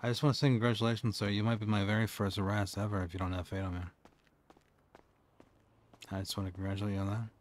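A young man playing a police officer in an online game role-play, talking calmly and coaxingly with dry jokes. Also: fairly low pitch, fast talker, long pauses. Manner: calm, coaxing, dryly joking.

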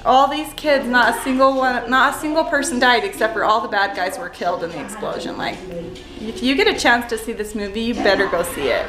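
A chatty woman in her twenties vlogs about her day at home, giggling easily and leaning on casual fillers. Her voice sits a little high. It rings in an echoey room, with children's chatter behind her. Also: a little fast. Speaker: family vlogger. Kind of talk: casual family vlog. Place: busy family home with children.

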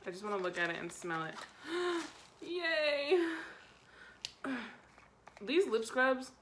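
A young woman chatting excitedly at home as she unboxes makeup, gasping and giggling as she goes. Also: high voice, slow pace, a little hiss or hum. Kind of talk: excited casual unboxing chat. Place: home room.

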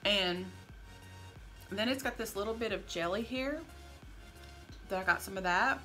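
A middle-aged woman co-hosting a casual tasting vlog with her daughter, upbeat and quick to sound delighted. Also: medium pitch, pushed and bright, faint music behind, low-quality recording. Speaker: vlog co-host, mother. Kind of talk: casual chat.

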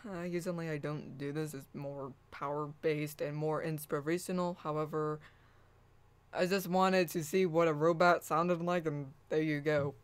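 A woman with a deep, smooth voice speaks at a moderate pace with fairly even intonation. She's hosting her own channel in a casual vlog chat, rambling, laughing often, and repeatedly restarting her sentences.

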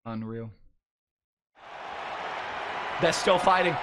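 A man with a hoarse, worn-out voice hosts a live stream. He calls the action loudly and excitably. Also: sits high, moderate pace, hardly any pauses, a crowd in the background, noisy background. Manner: excitable, shouts play-by-play. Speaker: streamer and event host.

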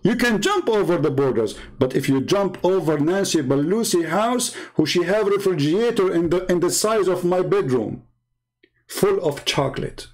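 Combative Arabic-accented man, higher voice. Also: expressive, moderate pace, low-quality recording. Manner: combative, mocking, name-calling. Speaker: online commentator. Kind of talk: heated political monologue.

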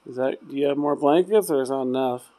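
Man, casual rambling talk, ghost hunt, mid-pitched, quiet trailing asides. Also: fast talker. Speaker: paranormal investigator. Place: old hotel room at night.

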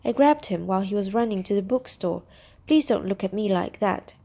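A woman voicing a nervous, tearful young woman thief in a storybook reading, talking in quick, pleading bursts. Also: mid-range voice, lively intonation, creaky, warm tone, husky.

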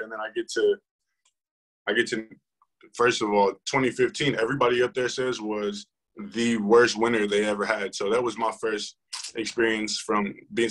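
A man's voice: fairly low pitch, fairly bright tone, rough recording. A young man, a football player, telling his story in a casual interview, rambling with many fillers and restarts.

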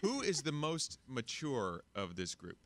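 A man co-hosting a morning show, briskly organizing a game in casual banter over a video call. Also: mid-range voice, very animated, fairly bright tone, dry recording.

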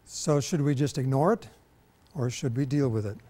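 A man preaching a televised sermon as pastor, rambling slowly with many fillers and restarts. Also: medium pitch, mellow. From Minnesota. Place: TV studio.

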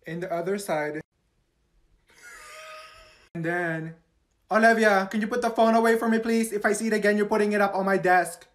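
A man's voice: sits high, steady tone, moderate pace, long pauses, voice pushed up, natural voice. A man voicing a stern female schoolteacher who scolds her class with sarcasm in a comedy skit. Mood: scolding.

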